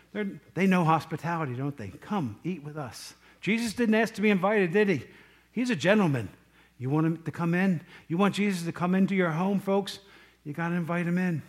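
Animated high-voiced male preacher. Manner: animated, swings between loud scripture reading and quiet asides; asks the congregation questions directly. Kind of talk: sermon.

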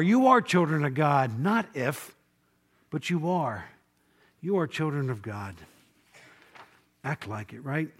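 A male preacher leads a relaxed Bible class in a slightly high voice, chatting with his listeners and throwing questions back at them. He acts out the quotes he tells, and on key points he drops to a low, quiet voice. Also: measured pace, pauses often. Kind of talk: informal Bible class sermon.

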